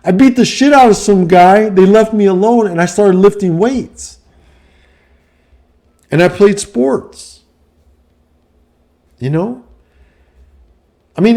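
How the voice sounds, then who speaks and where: A middle-aged man ranting casually on his vlog, profane and heated, swinging from low muttering to shouting. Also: vocal fry. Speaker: vlogger and life coach.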